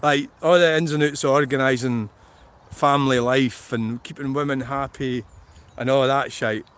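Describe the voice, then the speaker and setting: A man's voice: medium pitch, steady tone, normal speed, a bit bright, smooth. A middle-aged man with a Scottish accent, chatting bluntly and swearing on a rambling livestream from a field, laughing often. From Scotland. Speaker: vlogger. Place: outdoors in a field.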